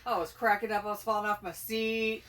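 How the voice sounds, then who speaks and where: A woman's voice: medium pitch, flat delivery, fairly quick, a bit bright. A woman casually telling a funny family story to her co-host, laughing easily. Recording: distant mic with faint noise.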